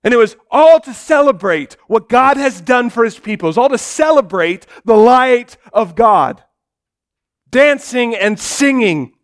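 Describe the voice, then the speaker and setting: A man preaching a dramatic sermon in church, swinging between loud declarations and hushed, low passages. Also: animated, a little slow. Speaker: pastor.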